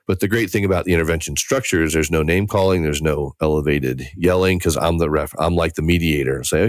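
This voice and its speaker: A man's voice: a bass voice, a little fast, hardly any pauses, no echo, clean studio sound. A man speaking earnestly as an interventionist in an interview, acting out the voices of the families he works with. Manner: earnest, animated, acts out quoted family members. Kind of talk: conversational interview answer.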